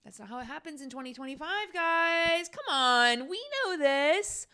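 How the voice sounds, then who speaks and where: A woman's voice: high-pitched, lively intonation, normal speed, sharp tone. A young adult woman hosting her own podcast, talking in a casual, exasperated rant full of fillers and sarcasm. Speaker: podcast host.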